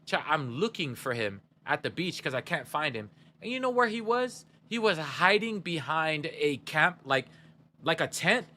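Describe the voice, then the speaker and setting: A man's voice: fairly high pitch, big pitch swings, moderate pace, pushed and bright, a little hiss or hum. A young man streaming a game, chatting casually with his viewers in a laid-back, slangy way and laughing often.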